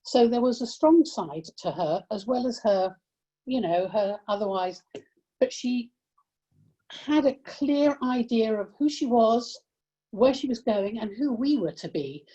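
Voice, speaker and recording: A woman's voice: fairly high pitch, expressive, unhurried, warm tone, slightly rough, highs cut off. An older woman from England, a guest telling heartfelt family stories in a reflective way that often stops and restarts. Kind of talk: personal storytelling.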